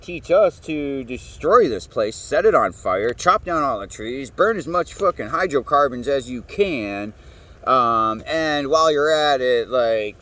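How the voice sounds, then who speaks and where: A man talking in a rambling, profane, animated monologue as the host of his own show. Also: mid-range voice. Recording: distant mic with faint background noise.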